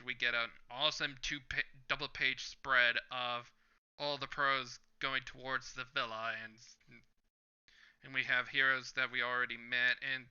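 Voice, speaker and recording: A man's voice: medium pitch, pushed and bright, clear, resonant tone. A man hosting a manga reaction video, describing each panel in turn and reading the lines aloud in a casual way, in a slightly dull lo-fi recording. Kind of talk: casual manga read-along commentary.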